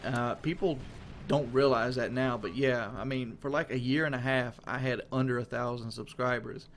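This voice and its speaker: A mid-pitched man talks through a casual monologue as a gaming commentator. He rambles frankly and swears casually. A faint hiss sits under the recording from a desk mic at home. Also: fairly even intonation, moderate pace.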